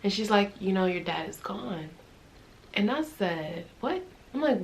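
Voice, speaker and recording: A woman's voice: mid-range voice, brisk, creaky. A young adult woman vlogging, casually telling a personal story and acting out the dialogue she quotes. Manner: animated retelling that acts out quoted dialogue; conversational, with frequent "I'm like" and "right?".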